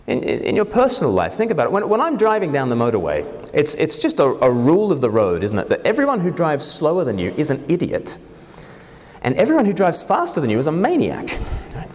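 Brief: lively male preacher, slightly high voice, long church reverb. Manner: animated, joking, asks the congregation questions. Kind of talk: sermon.

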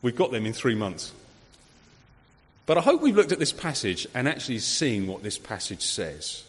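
Lively man preaching in a hall. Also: medium pitch, moderate pace. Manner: lively, conversational preaching with rhetorical questions. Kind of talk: sermon. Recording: long hall reverb.

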